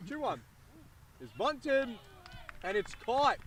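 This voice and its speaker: A young man calling a high school baseball game play-by-play, lively on the big plays and chatty between pitches, outdoors at the field. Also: slow, a little hiss or hum. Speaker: play-by-play announcer.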